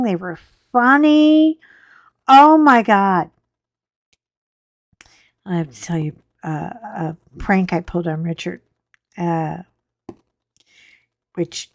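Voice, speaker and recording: A middle-aged woman, hosting a crafting channel and telling rambling, animated stories while she works. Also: medium pitch, no echo. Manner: chatty, rambling, animated storyteller. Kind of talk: casual storytelling while crafting.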